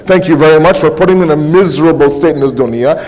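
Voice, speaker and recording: A man's voice: fairly high pitch, fast, a little mellow, long reverb tail, low-quality recording. A male preacher giving a conversational sermon full of rhetorical questions and acted-out quotes. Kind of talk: religious sermon.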